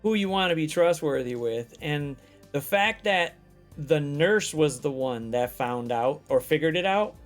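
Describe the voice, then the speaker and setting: A man's voice: fairly high pitch, expressive, unhurried, soft background music. Profane man spinning a rambling story. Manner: profane, rambling storytelling full of acted-out quotes. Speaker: guest telling a personal story. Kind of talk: casual chat.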